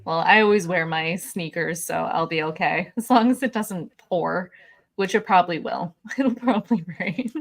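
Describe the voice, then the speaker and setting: A woman's voice: lowish voice, moderate pace, vocal fry. A woman hosting a casual livestream from home, chatty and giggly, often laughing as she talks. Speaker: livestream host.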